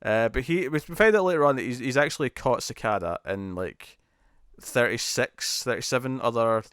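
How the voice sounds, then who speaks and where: A man co-hosting a podcast in casual chat, animated and laughing often, restarting sentences as he recaps TV episodes. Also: mid-range voice, normal speed, clear, resonant tone, no room sound, clean studio sound. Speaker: podcast co-host.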